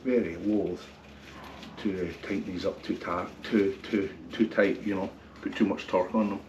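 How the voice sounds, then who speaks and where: A man's voice: low voice, moderate pace, highs cut off. Man muttering in a roomy garage. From Scotland. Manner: muttering to himself while working, with bursts of excitement. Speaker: car restorer. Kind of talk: casual workshop commentary. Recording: roomy, distant, noisy workshop sound.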